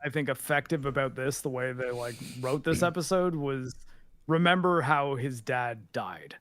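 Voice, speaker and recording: Mid-pitched guy, relaxed co-host commentary, close dry mic. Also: normal speed, dry recording. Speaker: podcast co-host. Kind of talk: casual chat.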